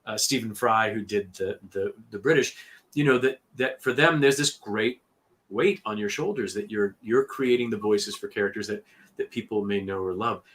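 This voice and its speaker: Animated man audiobook narrator, bright voice. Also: on the low side, moderate pace. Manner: animated, warm-hearted, restarts often. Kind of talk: casual conversation on a livestream. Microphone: video call.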